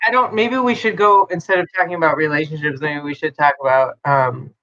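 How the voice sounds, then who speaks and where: A woman's voice: deep voice, brisk, a bit bright, muffled recording. A woman co-hosting a casual live-stream chat, talking openly and laughing often. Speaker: co-host.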